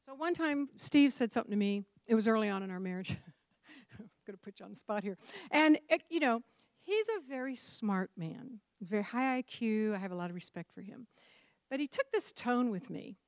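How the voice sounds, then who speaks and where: A woman co-hosting a casual talk about marriage, telling a personal story in an animated way. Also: a little high, moderate pace, dry recording. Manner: animated storyteller who acts out quoted voices. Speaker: co-host and marriage counselor. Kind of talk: casual chat.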